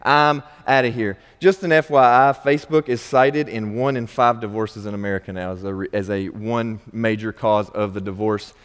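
A man's voice: on the low side, fairly even intonation, moderate pace, few pauses, smooth. A man preaching a sermon as pastor, conversational, with wry asides and acted-out questions. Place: church sanctuary. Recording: long hall reverb.

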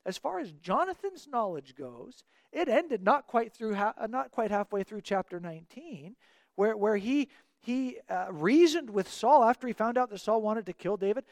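Guy with a highish voice doing bible teaching, earnest, explains stuff, acts out the quotes, dry sound. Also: big pitch swings, moderate pace, darkish tone, dry recording.

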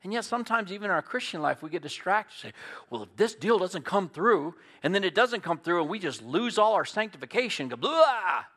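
A middle-aged man preaching a sermon as pastor, folksy and storytelling, moving between loud emphatic points and quiet earnest asides. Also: high-pitched, animated, brisk.

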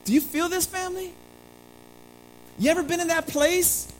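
A pastor preaching a sermon, calling listeners family, moving between quiet, slow lines and emphatic ones, with playful asides. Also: very high-pitched, slight background noise, rough recording. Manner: animated, swinging between hushed and emphatic delivery.

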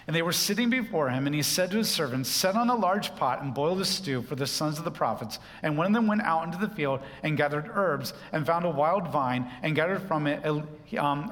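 A man's voice: fairly high pitch, a bit bright, in a large hall. A man preaching a sermon, teaching through a Bible passage in a conversational way with humorous asides.

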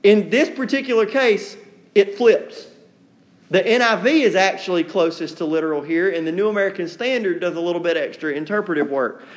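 A man's voice: sits high, brisk. A man preaching an evening sermon to a congregation, talking in a conversational, folksy way and acting out quotes with sarcasm. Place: church room with a congregation.

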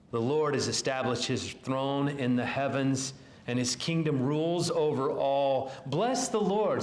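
A pastor delivering a sermon in an earnest, halting way, often restarting phrases. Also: male voice, on the high side, roomy sound.

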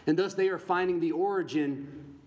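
A man's voice: high voice, moderate pace, a little mellow. A man preaching a sermon to his congregation, putting rhetorical questions to them as he teaches from the Bible. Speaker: pastor. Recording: long reverb, faint background noise.

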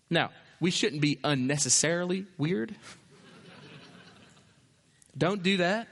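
A man's voice: high voice, fairly bright tone, big-room sound. A male pastor preaching a sermon, emphatic, with repeated phrases and rhetorical questions.

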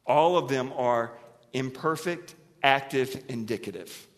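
A male pastor preaching in a church sanctuary, his voice carrying a long hall reverb. He swings from hushed, lingering phrases to loud, emphatic bursts. He often asks the congregation questions and has them repeat words with him. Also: medium pitch, a little slow. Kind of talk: sermon.

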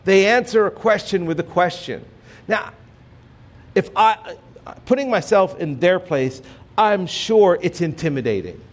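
A man preaching a sermon as pastor, earnest and measured, dropping soft and low on key phrases. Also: lively intonation.

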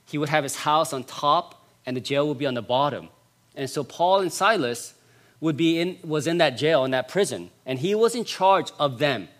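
A male pastor preaching a sermon, stressing points by repeating phrases and swinging between loud passages and hushed ones. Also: on the high side, expressive, normal speed.

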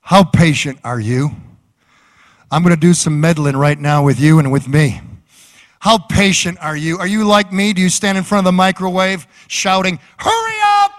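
High-voiced fervent preaching man. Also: steady tone, moderate pace. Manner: fervent, rhythmic preaching with repeated phrases. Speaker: pastor. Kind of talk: sermon.

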